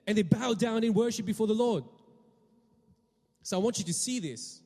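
A man preaching a sermon in a fairly high voice, turning often to the congregation with questions. He repeats words and restarts phrases as he talks. The sound rings out with a long reverb in a hall. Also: moderate pace, warm tone. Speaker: pastor.

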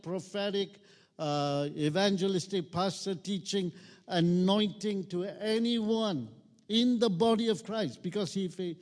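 Male pastor preaching, fairly high voice, call-and-response, reverberant church hall. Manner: call-and-response preaching, rising to emphatic peaks. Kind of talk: sermon.

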